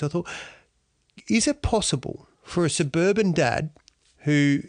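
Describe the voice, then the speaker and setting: A middle-aged Australian man, a former athlete, telling his story in a lively, slangy, self-deprecating way. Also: fairly high pitch, a little slow, long pauses, no room sound. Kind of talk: storytelling talk.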